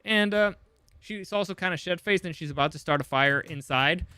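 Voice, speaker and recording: A man's voice: on the high side, normal speed, bright, forceful tone, clear, resonant tone, no echo. A man recapping a movie in a casual, sarcastic way, swearing often and rambling with lots of fillers. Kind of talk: casual comedic film summary.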